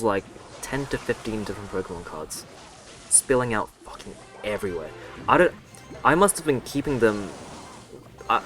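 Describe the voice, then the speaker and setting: A young man with a lowish voice tells a story in a loose, rambling way. He keeps cutting away for dry, sarcastic, sweary remarks about his game. Faint music plays under his talk. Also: a bit bright. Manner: rambling and self-mocking, with sarcastic asides and swearing. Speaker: gaming vlogger. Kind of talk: casual storytelling over gameplay commentary.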